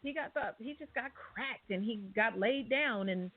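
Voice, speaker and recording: A woman co-hosting a boxing show, telling lively stories from ringside in casual chat. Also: a little high, moderate pace. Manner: lively storyteller, mocking impressions. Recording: tinny phone-like sound.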